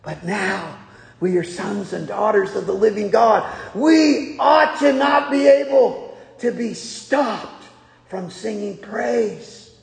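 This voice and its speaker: A man preaching a sermon as pastor in a church, with folksy joking asides to the congregation. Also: high-pitched. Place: church sanctuary. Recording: echoey hall.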